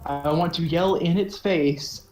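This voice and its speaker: A man playing in a tabletop game over voice chat, eager and quick to laugh. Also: a little high, steady tone, darkish tone. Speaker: player. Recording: echoey room on voice-chat mic.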